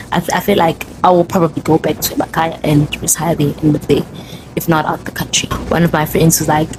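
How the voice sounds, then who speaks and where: A young woman with a South African Zulu accent, hosting a podcast and telling her story in a casual, animated monologue. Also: lowish voice, background noise. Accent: South African, Zulu-speaking. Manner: chatty, code-switching, animated storyteller. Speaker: podcast host.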